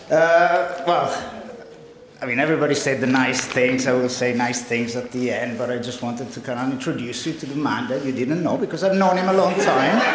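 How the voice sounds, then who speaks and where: A man's voice: medium pitch, heavy background noise. A man in his forties with an Italian accent, Italian by first language, giving a teasing, hesitant wedding speech as best man. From Italy. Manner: joking, teasing, hesitant with many fillers. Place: large wedding reception room. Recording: very echoey hall with crowd. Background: guests laughing and murmuring.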